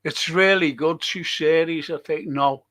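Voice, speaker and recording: Slow, grumbling older English host. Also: male voice, on the high side, a bit bright. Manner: grumbling, swears a lot, moaning. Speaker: livestream host. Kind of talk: casual live chat reading viewer comments.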